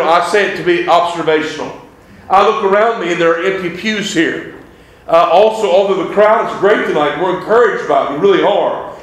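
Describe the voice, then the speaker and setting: A man preaching a revival sermon in a fervent, conversational way, dropping into old-style wording when he reads scripture. His voice sits fairly high for a man. The sound rings with heavy echo from the church sanctuary around him. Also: a bit bright. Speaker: evangelist preacher.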